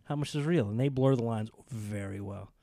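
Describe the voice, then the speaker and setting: A man co-hosting a casual podcast, talking about wrestling with rambling enthusiasm. His voice is mellow and dark. The sound is dry and close. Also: mid-range voice, a little fast, dry recording. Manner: enthusiastic, rambling, animated when excited. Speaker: podcast co-host.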